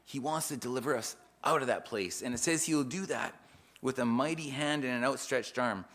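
An earnest man preaching an informal sermon with a medium voice pitched in the usual range for men. He reads scripture aloud, then explains it with restarts. His loudness swells and drops for emphasis. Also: moderate pace.

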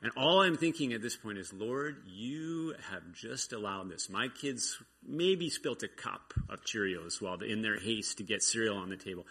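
Man, church testimony, informal, earnest storytelling, tense bright tone, raspy edge. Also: fairly low pitch, moderate pace, few pauses. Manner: earnest storytelling with frequent restarts. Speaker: church member sharing a testimony.

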